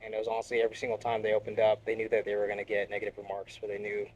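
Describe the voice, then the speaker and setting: A man's voice: lowish voice, completely flat delivery, very fast, darkish tone, low-quality recording. Blunt, profane young man. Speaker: interviewee, Marine reservist. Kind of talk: casual interview.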